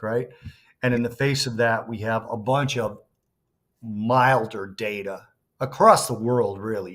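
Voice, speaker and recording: A man's voice: mid-range voice, a bit bright. A man co-hosting a casual market show, talking through futures and economic data in a playful but analytical way. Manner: playful, teasing, then analytical.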